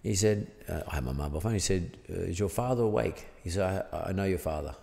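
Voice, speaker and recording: Deep-voiced Australian man telling a rambling story. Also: fast, creaky, dark tone, long reverb tail. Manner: rambling, peppered with "blah, blah, blah" and fillers. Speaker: podcast guest. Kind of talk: casual storytelling.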